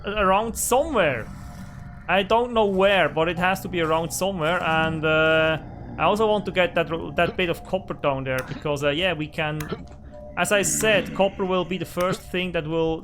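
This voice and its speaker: A man's voice: high-pitched, background noise. A man hosting a let's play, commenting on his survival game and swearing at it in frustration. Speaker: gaming channel host. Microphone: desk microphone.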